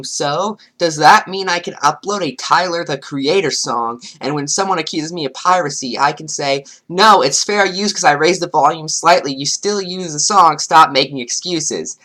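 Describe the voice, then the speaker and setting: A woman's voice: deep voice, sharp tone. A woman giving sarcastic, exasperated commentary while reading online comments aloud. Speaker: commentary youtuber.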